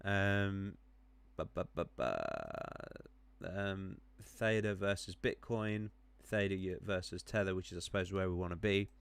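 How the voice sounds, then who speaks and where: A man's voice: deep voice, little pitch movement, moderate pace, few pauses, clear, resonant tone, no echo. A man running a live stream on crypto charts, chatting with viewers, rambling with many ums and self-corrections while clicking around.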